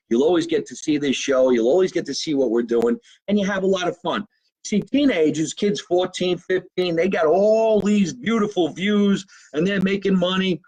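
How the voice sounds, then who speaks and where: Rambling, profane comedian in a basement. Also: male voice, on the high side, a little mellow, poor audio. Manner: rambling, profane, plugging his channels. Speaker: comedian hosting his own live show. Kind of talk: casual live-stream monologue. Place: home basement.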